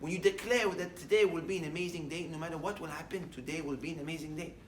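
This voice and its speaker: A rabbi preaching a morning talk, a man with a fairly high voice who tells a story and builds to strong, emphatic lines. He sits back from the mic in an echoey room, and a faint hiss hangs under his words. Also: fast talker, far from the mic. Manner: mixes Hebrew terms into English, storytelling, rising to emphatic declarations. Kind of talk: short morning sermon with a story.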